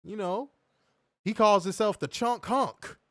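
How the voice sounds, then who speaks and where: Male stream host, higher voice, animated loud joker, dry mic. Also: unhurried, no echo. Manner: loud, joking, laughs often, animated. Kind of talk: casual live-stream chat reading donations.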